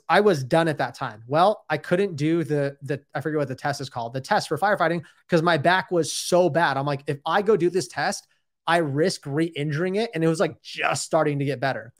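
A man's voice: on the high side, fairly quick. A man in his thirties telling his own story in a casual, rambling and candid way, often saying "dude" and "like".

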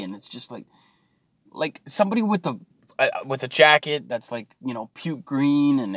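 A man's voice: medium pitch, no room sound, studio quality. Swearing man on a rant. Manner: swearing, mocking, exasperated rant. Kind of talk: profane ranting monologue.

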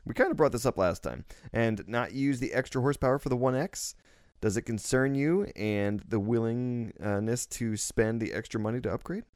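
A young man co-hosting a casual podcast, reading news items aloud with fillers and quick self-corrections. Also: mid-range voice, darkish tone, no echo, clean studio sound. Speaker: podcast co-host. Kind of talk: casual chat.

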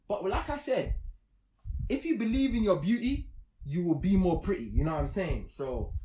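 A young man, telling a story in casual podcast chat, animated and emphatic. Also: sits high, a little hiss or hum.

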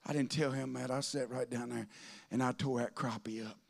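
A man's voice: mid-range voice, fairly even intonation, moderate pace, gravelly. A man preaching a sermon, telling folksy stories that rise into fervent preaching.

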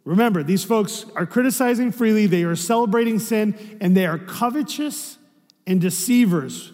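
High-voiced pastor preaching in a reverberant hall. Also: male voice, moderate pace, darkish tone. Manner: conversational preaching, asks the room rhetorical questions. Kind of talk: sermon.

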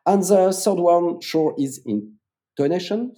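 A man's voice: on the high side, expressive, measured pace, warm tone. A man with a French accent, a public speaking coach explaining his methods in an interview, emphatic and repeating words for stress.

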